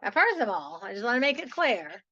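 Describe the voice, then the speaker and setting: Woman podcast host, bright tense voice, slightly high, chatty and enthusiastic, dull lo-fi audio. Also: very animated, fairly quick. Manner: chatty, enthusiastic, says "like" and "so" often. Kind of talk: upbeat podcast monologue.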